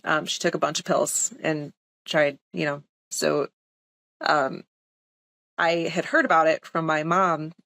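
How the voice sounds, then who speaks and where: A woman's voice: low-pitched, little pitch movement, unhurried, gravelly, fairly bright tone, dry recording. A young woman nurse telling a personal story in a casual interview, chatty and emphatic, with lots of "like" and "um". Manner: chatty, full of "like" and "um", emphatic retelling. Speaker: nurse, podcast guest.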